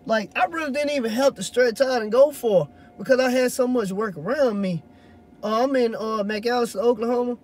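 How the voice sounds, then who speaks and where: A man's voice: extremely high pitch, a little fast. A man, a hotshot truck driver chatting loosely to viewers in a rambling, swearing way. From Louisiana. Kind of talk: casual vlog chat answering viewers.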